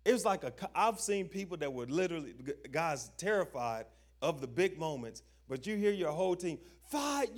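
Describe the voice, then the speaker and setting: A young adult man preaching a sermon, emphatic, asking the listeners questions and reading scripture slowly with stress. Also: on the high side. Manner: emphatic, call-and-response questions; slow stressed scripture reading, informal grammar.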